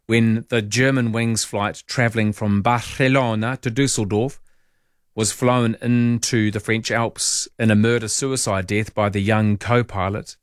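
A man's voice: on the low side, no echo, studio quality. A man hosting an overnight talkback radio show, chatty and wry as he reads listener messages. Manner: chatty, wry and rambling, reads lyrics aloud. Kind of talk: casual late-night talkback, reading listener messages. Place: radio studio. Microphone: studio microphone.

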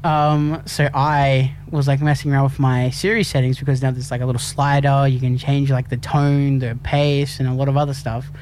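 A man's voice: mid-range voice, level tone, normal speed, few pauses, darkish tone, slight background noise. A man, co-hosting a radio show, teasing dryly and hesitating with frequent ums. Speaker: radio co-host. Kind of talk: casual on-air banter.

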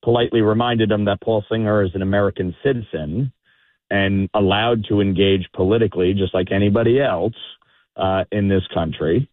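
A politician calling in to a radio show, telling a story with animation and acting out the quotes. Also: male voice, on the low side, fairly even intonation, a little fast, no echo. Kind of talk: anecdote on a call-in radio show. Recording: phone-line call.

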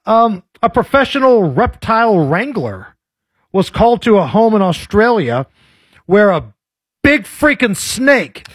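Male radio co-host: high, lively, quippy, dry booth sound. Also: measured pace, breathy edge, no echo. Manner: wisecracking, lively. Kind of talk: casual talk radio banter.

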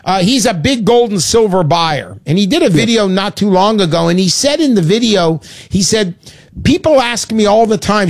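An older man hosting a call-in radio show, talking in a chatty, animated and emotional way. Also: high-pitched, no room sound, studio quality.

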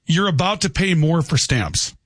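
A man's voice: fairly high pitch, lively intonation, moderate pace, a bit bright, breathy edge, no echo. A man chatting on a studio radio talk show, wryly building his point step by step. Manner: wry, sets up points step by step with laughs. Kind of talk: casual radio banter. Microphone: studio microphone.

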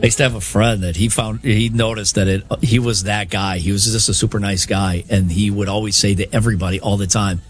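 A man's voice: on the low side, fairly even intonation, brisk, few pauses, soft background music. A man co-hosting a radio show, talking in a blunt, matter-of-fact way in casual banter. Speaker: co-host.

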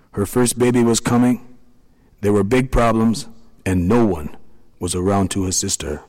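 A man tells a folk tale in a calm, measured way. His voice sits low, and a long reverb trails behind each phrase. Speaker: narrator. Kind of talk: storytelling narration.

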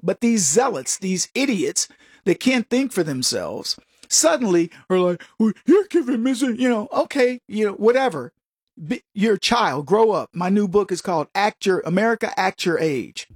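Combative high-voiced male commentator. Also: expressive, moderate pace, slightly rough, dry recording, clean studio sound. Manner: combative, sarcastic, mocks opponents in put-on voices. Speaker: political commentary show host. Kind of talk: opinion monologue to camera.

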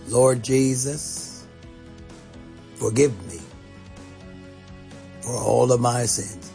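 Slow bishop man leading a prayer. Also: mid-range voice, gravelly, warm tone, soft background music.

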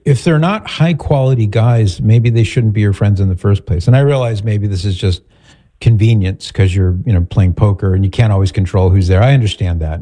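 A man with a lowish, mellow voice hosts a call-in advice show. He counsels the caller in a measured, patient way and talks it through calmly. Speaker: radio advice host.

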